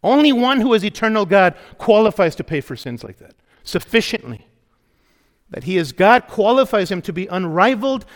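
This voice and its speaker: A man preaching a sermon as pastor, emphatic and repetitive, putting questions to the congregation. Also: sits high. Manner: emphatic preaching, repeating key phrases, asking the congregation questions. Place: church. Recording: long hall reverb.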